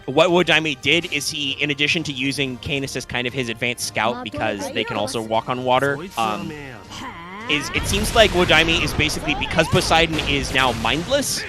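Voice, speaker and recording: A man co-hosting a casual gaming podcast, rambling with lots of fillers and restarts and casual swearing. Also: on the high side. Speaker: podcast co-host. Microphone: live stream microphone.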